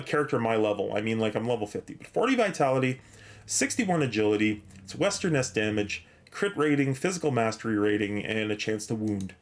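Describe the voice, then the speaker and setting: A man streaming a game, chatting casually, rambling with many fillers and restarts, a little out of breath as he thanks viewers and reads chat. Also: mid-range voice.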